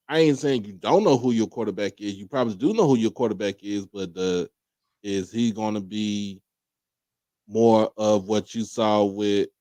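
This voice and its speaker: A man co-hosting a casual sports live stream, reasoning out loud in a rambling way with lots of fillers. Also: on the low side, no room sound, rough recording. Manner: rambling, thinks aloud with fillers. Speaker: co-host.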